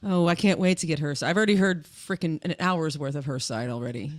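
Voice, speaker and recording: Excitable woman co-host telling a story. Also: low-pitched, brisk. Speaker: podcast co-host. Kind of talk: casual chat.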